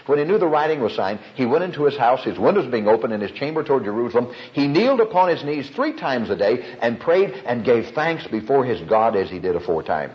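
A man's voice: medium pitch, sing-song, fast, few pauses. A man preaching a sermon as pastor, telling stories and acting out the people he quotes. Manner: storytelling preacher, acts out quoted voices. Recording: dull lo-fi recording.

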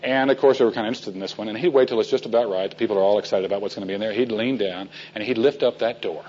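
A man's voice: on the low side, rapid-fire, a little mellow, dull audio, a little hiss or hum. A man teaching a men's Bible class in a folksy storytelling way, asking his listeners questions.

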